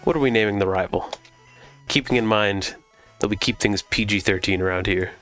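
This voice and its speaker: A man streaming a video game, chatting casually and relaxed with his viewers. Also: on the low side, a little fast, soft background music. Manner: relaxed, chatty, talks to chat.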